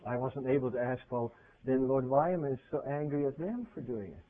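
A man preaching a sermon in a conversational way. He asks his listeners questions, and his voice swings from loud to hushed. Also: medium pitch, a little fast. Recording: tinny phone-like radio recording.

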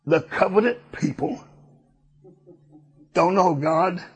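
A man's voice: sits high, animated, takes it slowly, slightly rough. A man preaching a sermon, emphatic and repetitive in a folksy way.

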